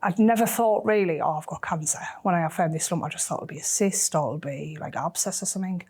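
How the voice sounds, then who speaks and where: A middle-aged woman, telling a personal story in an emotional, halting way that often drops to a near whisper. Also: on the low side, a little mellow, slightly rough. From North East England. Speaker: interviewee.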